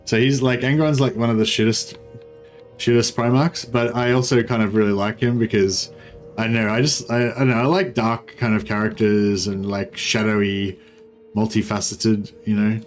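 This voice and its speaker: A man's voice: on the low side, fairly even intonation, moderate pace, faint music behind. Rambling Australian man streaming a game. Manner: rambling, filler-heavy, laid-back. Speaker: gaming streamer. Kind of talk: casual livestream commentary.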